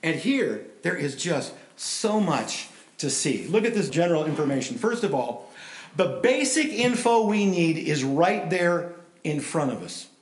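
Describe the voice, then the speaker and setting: A middle-aged man preaching a sermon in a lively, conversational way, voice rising for emphasis. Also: on the high side, measured pace. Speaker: pastor. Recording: roomy echo.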